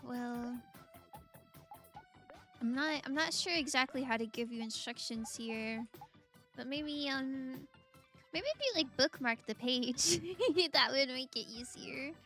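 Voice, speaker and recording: High-voiced woman streamer chatting. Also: expressive, takes it slowly, pauses often, a bit bright. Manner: chatty, laughs often, reads game text aloud. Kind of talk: casual game commentary. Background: game music.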